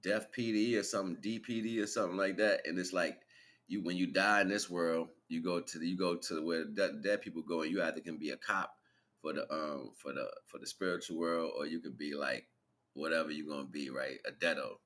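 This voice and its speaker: Low-voiced man rambling on a stream. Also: fairly even intonation, a little fast, a bit bright. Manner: rambling, slangy, laughs while retelling. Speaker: livestream host. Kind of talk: casual spiritual monologue.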